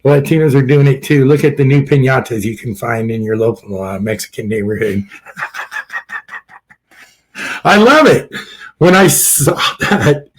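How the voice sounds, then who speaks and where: Male podcast host, casual and blunt, swears freely, rambles, mid-range pitch. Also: animated, normal speed, long pauses, rough recording. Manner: laughs at his own jokes. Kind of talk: casual political chat.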